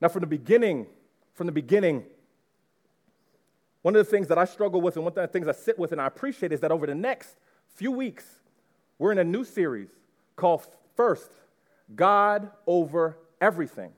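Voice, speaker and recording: A man in his thirties, a pastor preaching a sermon and speaking straight to his congregation in an animated way. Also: high voice, moderate pace, pauses often. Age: 30s. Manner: animated, addresses the congregation directly. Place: church before a live congregation.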